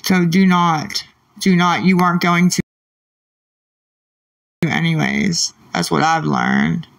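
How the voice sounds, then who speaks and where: Late at night on a livestream, an adult father reads his chat and snaps irritably at commenters, muttering the same words over and over. His voice is on the high side, expressive and somewhat bright, and he takes his time.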